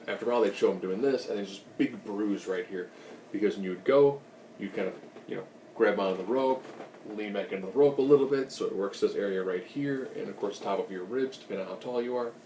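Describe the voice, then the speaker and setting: A man's voice: on the low side, a little mellow, reverberant, far from the mic, a little hiss or hum. A man giving a casual, rambling recap of a TV episode, with joking asides. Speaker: recap host.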